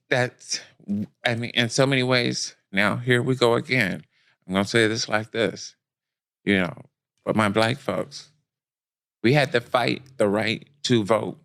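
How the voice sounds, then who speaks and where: A man with a fairly low voice talks frankly as a podcast guest. He is emphatic and blunt, often restarting sentences as he works through a thought. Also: creaky, a bit bright. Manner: blunt and emphatic, thinks aloud with many restarts. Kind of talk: casual discussion.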